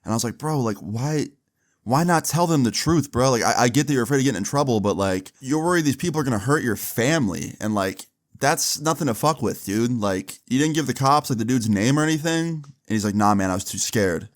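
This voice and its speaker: A young man casually telling a long personal story, slangy and animated, acting out quoted dialogue. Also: mid-range voice, fast. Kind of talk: casual storytime over gameplay.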